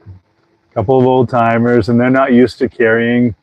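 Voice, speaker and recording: A man's voice: medium pitch, level tone, normal speed, no room sound, highs cut off. A man co-hosting a casual chat aboard a sailboat, rambling as he tells a story and acts out what others said. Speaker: podcast co-host.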